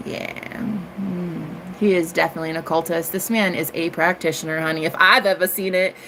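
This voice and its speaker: An American woman telling a story in a casual monologue, sassy and cheeky, calling listeners honey and girl, swooping up into high exclamations. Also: steady tone, brisk, sharp tone, slight background noise. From United States. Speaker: tarot reader and live streamer.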